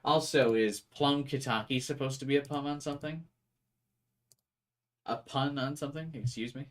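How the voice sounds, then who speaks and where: A young gaming streamer rambles through casual let's-play commentary, chatting with viewers and talking to chat. His voice is medium-pitched and steady, at a moderate pace.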